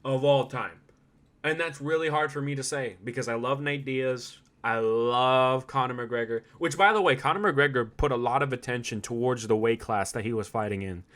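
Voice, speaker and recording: A man hosting a solo podcast, talking in an animated, swearing, laugh-filled way that swings between loud outbursts and low asides. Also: normal speed. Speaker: podcast host.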